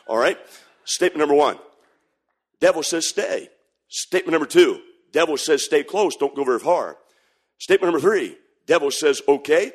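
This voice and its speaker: A man preaching a sermon, shouting in sing-song bursts and then dropping to a hush. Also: a little high.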